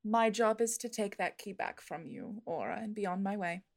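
A woman voicing a formal, polite male official in a tabletop role-playing game, speaking in a measured way. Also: mid-range voice, gravelly.

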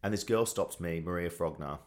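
A man in his thirties with an Australian accent, a TV host and sportscaster chatting as a guest, telling animated, self-deprecating stories with plenty of fillers. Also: deep voice, fairly quick. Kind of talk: casual interview chat.

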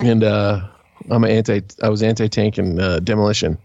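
A man's voice: on the low side, fairly quick, vocal fry, dry recording. A man, a podcast co-host, telling crude stories in a casual, joking way. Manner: crude, joking, animated storyteller. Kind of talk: casual chat, storytelling. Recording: dry, dull lo-fi sound.

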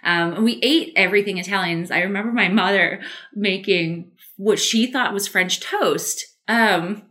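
A woman's voice: medium pitch, moderate pace, pushed and bright. A woman from Canada, a guest artist telling stories in an interview. She is chatty, laughs often and uses many fillers. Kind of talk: casual interview storytelling.

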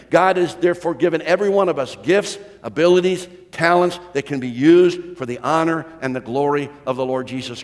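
A man's voice: a little high, long reverb tail. A male pastor preaching a sermon, building emphasis with repeated phrases and rhetorical questions.

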